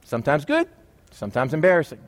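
Male pastor, conversational sermon, jokey asides, a touch high-pitched. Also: huge pitch swings, fast. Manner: chatty, jokey asides to the congregation.

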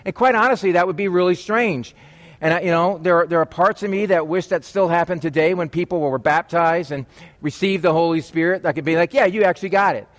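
Guy preaching a laid-back sermon, chatty, cracks little jokes, voice sits a bit high. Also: fairly quick. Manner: chatty, jokey asides to the congregation. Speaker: pastor. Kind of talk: conversational sermon.

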